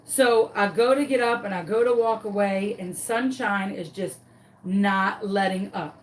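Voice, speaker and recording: A woman's voice: medium pitch, unhurried, recorded from a distance, a little hiss or hum, poor audio. A woman, a crafting vlogger telling a dramatic story while she works on a craft tutorial.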